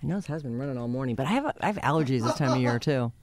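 Female radio co-host, middle-aged, playful chatter, animated pitch. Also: rapid-fire, noisy background. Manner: chatty, playful, laughs easily. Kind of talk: casual on-air banter.

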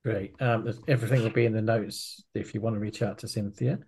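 A woman hosting an interview podcast, a responsive listener with brief affirmations and gentle laughs. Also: a bass voice, steady tone, a little fast, slight background noise. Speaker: podcast host.

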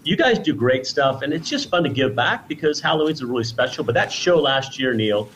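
A man's voice: mid-range voice, expressive, brisk, a bit bright, slight background noise, poor audio. A man, a guest on a radio show, chatting casually and effusively, rambling with restarts and praise. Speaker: guest presenting T-shirts.

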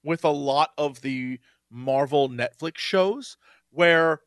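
A man's voice: fairly high pitch, takes it slowly, a bit bright, dry recording, clean studio sound. A man co-hosting a podcast in casual chat, complaining emphatically and with animation. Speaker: podcast co-host.

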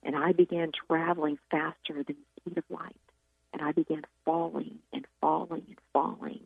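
A woman's voice: low-pitched, flat delivery, moderate pace, creaky, husky, no room sound. A woman telling her near-death testimony in an earnest, intense way, sometimes dropping to a whisper. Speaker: guest sharing a testimony. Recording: tinny phone-like line, dry.

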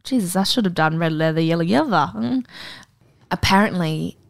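A woman's voice: fairly low pitch, moderate pace, vocal fry. A young woman in casual podcast chat, telling stories with lots of swearing and laughter. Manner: swearing, laughing, lively storytelling.

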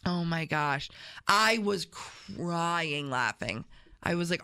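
A woman co-hosting a morning radio show, chatting casually and telling stories with lively acted-out quotes. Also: on the low side, slow, clear, resonant tone. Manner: chatty, animated, acts out voices in stories. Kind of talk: casual radio banter, storytelling.

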